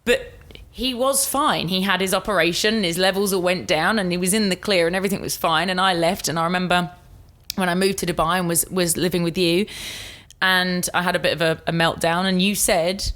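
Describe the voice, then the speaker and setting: A woman's voice: fairly low pitch, fairly even intonation, fairly quick, fairly bright tone. An English woman hosting a podcast, telling a personal story in a chatty, rambling way. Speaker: podcast host. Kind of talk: casual storytelling chat.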